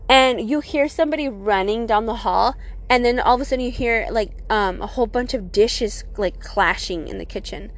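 A woman's voice: a little high, normal speed. A young woman casually telling a personal scary story, swearing often and filling her talk with "like". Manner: profane, animated, lots of "like" fillers.

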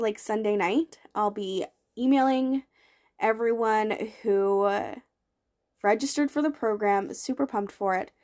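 A woman's voice: mid-range voice, warm tone. A young woman hosting a motivational podcast, talking earnestly and encouragingly with repeated emphasis. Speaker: podcast host and life coach.

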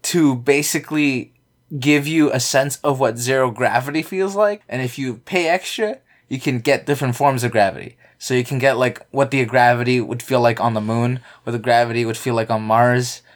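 A man's voice: medium pitch, fairly even intonation, moderate pace. A man in casual chat, eagerly explaining things and chiming in often. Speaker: podcast co-host.

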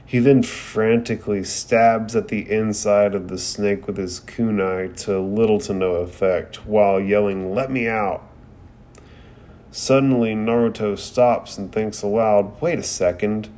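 Male anime reviewer, rambling casual commentary with cursing, mellow and unhurried. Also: on the low side, fairly even intonation. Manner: profane, rambling, frequent "like".

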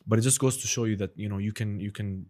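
Rambling young man with a low voice. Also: fairly even intonation, fast talker, warm tone. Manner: rambling, many fillers and restarts, slips into playful impressions. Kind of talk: casual chat.

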